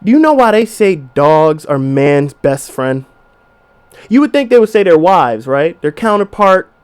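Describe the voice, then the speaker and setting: A man's voice: on the high side, unhurried, clear, resonant tone. A young adult man hosting a podcast, talking in a casual, profane monologue and acting out voices as he goes. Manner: profane, animated, acts out quoted voices. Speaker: podcast host.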